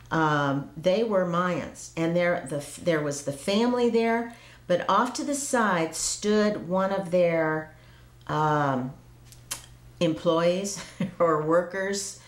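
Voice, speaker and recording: A woman with a low voice recounts her personal visions, hesitant and reflective, often restarting her sentences. The recording carries a noticeable roomy echo. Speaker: storyteller recounting mystical experiences. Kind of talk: personal storytelling to camera.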